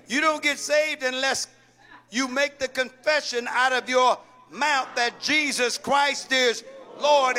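High bright preacher guy, keeps asking the church to answer back. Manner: preaching with repeated calls to the congregation. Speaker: pastor. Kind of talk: call-and-response sermon.

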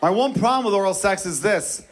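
A man's voice: high voice, animated, fairly quick, background noise. A young man doing a profane, punchy stand-up comedy set on a club stage. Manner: brash, profane, punchy delivery. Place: club stage before a laughing crowd. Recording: live club recording with crowd laughter.

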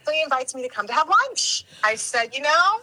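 A woman telling a story in casual chat, animated and acting out the quoted lines in lively voices. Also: sits high, fairly quick, rough recording.

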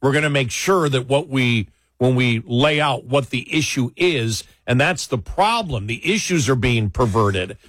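A man co-hosting a talk radio show, telling stories in casual political chat with quick asides and restarts. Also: medium pitch, no echo, studio quality. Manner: animated storytelling, quick asides, frequent restarts.

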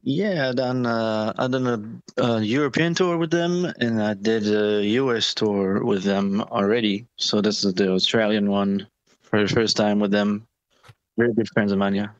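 Low-voiced man, halting interview answers. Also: steady tone, no echo, highs cut off. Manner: halting, many restarts and fillers. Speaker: touring musician, interview guest.

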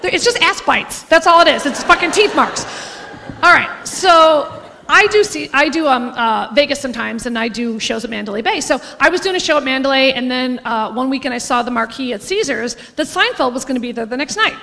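A woman's voice: sits high, lively intonation, a little fast, gravelly, bright, forceful tone, long reverb tail. A woman telling a brash, swearing stand-up story and laughing as she goes. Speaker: stand-up comedian.

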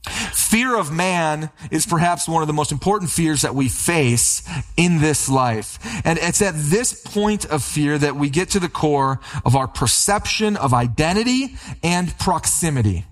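A man preaching a sermon as a pastor, building emphatic runs and slowing on key lines. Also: fairly high pitch, lively intonation.

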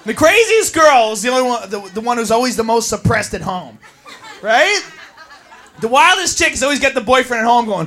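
A stand-up comedian doing a loud, profane routine on a club stage, acting out characters. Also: male voice, very high-pitched, big pitch swings, a little fast. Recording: live club with crowd noise.

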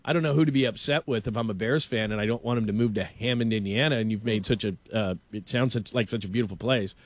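A man hosting a casual sports talk show, animated and opinionated, stumbling over restarts as he rants. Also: on the low side, fast. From Los Angeles.

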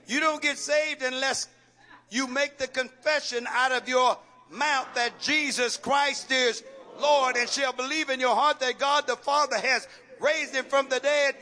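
With a very high-pitched voice that sounds pushed and bright, a pastor delivers his sermon. Folksy jokes and repeated phrases run through it, and he calls out questions for the congregation to answer.

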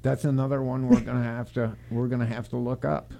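A male radio talk host with a gravelly, dark, mellow voice. He chats casually on air, rambling and restarting his sentences. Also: mid-range voice, level tone, brisk.

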